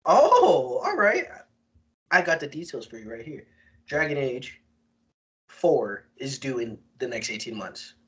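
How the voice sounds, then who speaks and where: A man's voice: mid-range voice, moderate pace, sharp tone. A young man co-hosting a casual podcast chat, talking in slang, repeating himself and slipping into quoted voices. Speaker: podcast co-host. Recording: dull lo-fi podcast audio.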